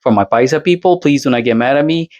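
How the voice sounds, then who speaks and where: A man's voice: medium pitch, fast talker, darkish tone, dry recording. A middle-aged man from Colombia giving a heated, rambling commentary that often corrects itself. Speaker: commentary YouTuber. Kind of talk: casual commentary rant.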